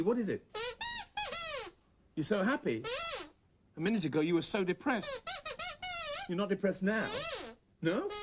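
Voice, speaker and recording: Lively presenter teasing puppets. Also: female voice, lowish voice. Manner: playful, teasing, exclamatory. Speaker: children's TV presenter. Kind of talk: talking to puppets on a children's show. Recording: clear tape hiss from old VHS.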